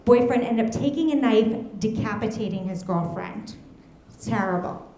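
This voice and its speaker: A woman's voice: a little high, normal speed, slight background noise. Woman doing stand-up in a roomy club. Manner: deadpan storytelling with laughs at her own jokes. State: heavily pregnant. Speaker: stand-up comedian. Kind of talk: stand-up comedy set. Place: comedy club stage.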